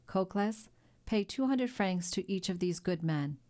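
A woman voicing a kindly, ruined older male shipowner who speaks in a gentle, melancholy way in a storybook reading. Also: medium pitch, lively intonation, unhurried, natural voice. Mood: sad.

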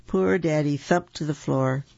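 A storyteller reading children's picture books aloud in a slow, gentle and expressive way. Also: mid-range voice, creaky, dry recording. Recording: dull lo-fi recording.

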